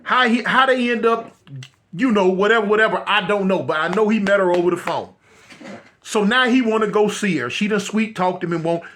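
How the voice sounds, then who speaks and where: A man with a high, ringing voice tells a story from back in the day to his viewers. His telling is slangy and animated, and he addresses the audience directly as he goes. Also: a little fast, a little hiss or hum. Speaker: storytelling vlogger. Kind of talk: casual street storytelling.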